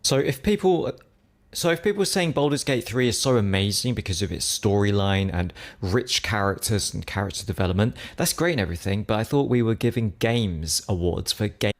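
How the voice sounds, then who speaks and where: Lowish-voiced guy grumbling through a game review, dismissive. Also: expressive, brisk. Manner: dismissive, complaining. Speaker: game reviewer in a played clip. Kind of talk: spoken video review.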